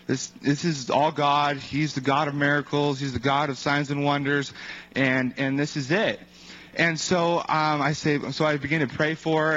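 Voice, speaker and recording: A man's voice: on the high side, a bit bright. A man casually telling a faith-healing testimony, rambling with many fillers and acting out the quotes of others. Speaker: evangelist sharing a testimony. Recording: dull lo-fi recording.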